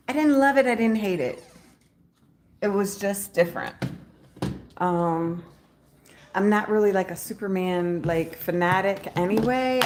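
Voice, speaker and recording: A woman's voice: mid-range voice, darkish tone, slight background noise. A woman vlogger chatting casually to camera at home in the morning, rambling and often laughing. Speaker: travel vlogger.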